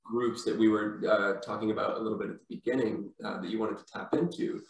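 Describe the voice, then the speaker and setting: Low-voiced man asking from a distance. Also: level tone, fast talker, creaky. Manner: thoughtful, rambling questions. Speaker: podcast host. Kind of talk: casual podcast interview. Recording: echoey room, distant from mic.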